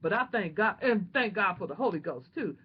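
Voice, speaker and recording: A woman vlogger telling a personal testimony in an animated, emotional, prayerful way, on a dull lo-fi home recording. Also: medium pitch, a little fast, husky.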